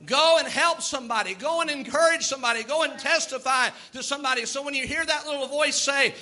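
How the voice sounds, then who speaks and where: A man's voice: very high-pitched, lively intonation, quick pace, few pauses, pushed and bright. A man preaching a sermon, emphatic and repetitive, acting out the doubts of his listeners. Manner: emphatic, repeats words, acts out quoted doubters.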